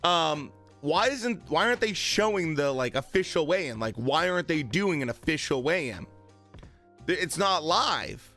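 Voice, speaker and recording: A man's voice: fairly high pitch, expressive, moderate pace, sharp tone, faint music behind. A man chatting casually on a live stream about boxing, with many fillers and retold quotes.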